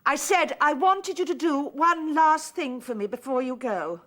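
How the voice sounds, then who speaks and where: A woman's voice: mid-range voice, sing-song, moderate pace. A desperate, bitterly ironic woman. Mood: strained. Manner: clipped, formal and bitterly ironic. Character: desperate middle-aged woman abandoned by her lover. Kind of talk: 1990s television drama acting.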